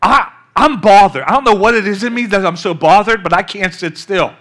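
A man's voice: sits high, a little fast. An older man, a pastor, preaching a sermon through a long story, calling out questions to the congregation. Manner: storytelling, animated, calls out to the congregation.

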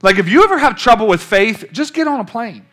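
Speaking briskly in a high-pitched voice, an older man who is a pastor delivers his sermon as one long, animated story, pausing to call out questions to his congregation.

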